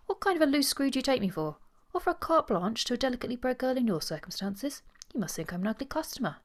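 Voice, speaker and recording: Woman reading as a brusque reserved gentleman, exasperated, period novel. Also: on the low side, lively intonation, fast talker.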